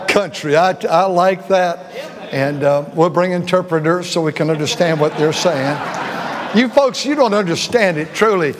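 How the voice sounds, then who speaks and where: Older guy pastor, high voice, rambly chuckly sermon story, big churchy reverb. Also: normal speed, background noise. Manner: rambling and chuckling, with frequent restarts. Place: church sanctuary. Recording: long reverb of a large church hall.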